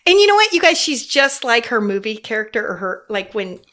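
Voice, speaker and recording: A middle-aged woman with a slightly high voice tells flight stories in an easy, chatty way. She giggles often and keeps her telling lively and animated. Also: a little fast. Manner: giggly, animated storyteller who laughs often. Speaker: podcast guest, flight attendant. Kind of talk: casual storytelling chat.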